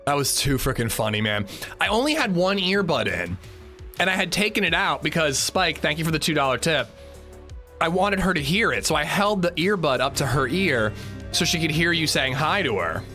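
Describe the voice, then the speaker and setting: Animated, lively-pitched male game streamer. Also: moderate pace, faint music behind. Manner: animated, swears freely, laughs loudly. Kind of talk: casual livestream chat while gaming.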